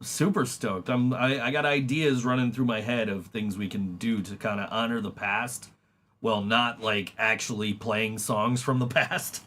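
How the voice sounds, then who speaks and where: A man's voice: fairly low pitch, fairly even intonation, moderate pace, a bit bright. A man hosting a casual podcast, laughing often and swearing freely, with many restarts as he talks about his band. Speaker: podcast host and band member. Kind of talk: casual chat.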